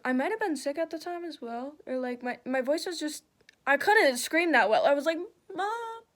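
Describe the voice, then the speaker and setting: A young woman chatting casually while doing her makeup, telling a story with lots of swearing and animated retelling. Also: sits high, fairly quick.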